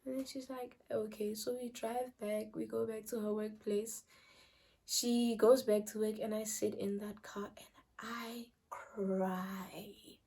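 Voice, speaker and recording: A young woman with a South African accent telling a personal story in casual vlog chat, switching between loud bursts and quiet trailing phrases. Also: fairly high pitch, little pitch movement, unhurried, creaky, husky. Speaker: vlogger.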